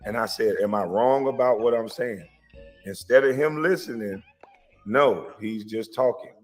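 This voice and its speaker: A man's voice: on the low side, unhurried, in a large hall, faint music behind. An American man giving casual reaction commentary, aggrieved and repetitive, swearing freely.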